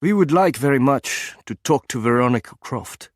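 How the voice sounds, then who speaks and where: A man voicing a stubborn intelligence officer with a German accent who speaks softly but coldly. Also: mid-range voice, animated, normal speed, no room sound, studio quality, voice pushed up, close to an everyday voice. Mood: menacing. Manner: soft, chilling, stubborn.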